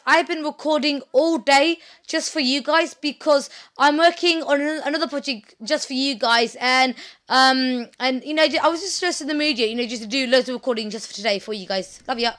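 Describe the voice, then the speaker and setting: High, bright-voiced woman gamer. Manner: chatty, excitable, apologizes often to viewers. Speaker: let's play gamer. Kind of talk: casual gameplay commentary.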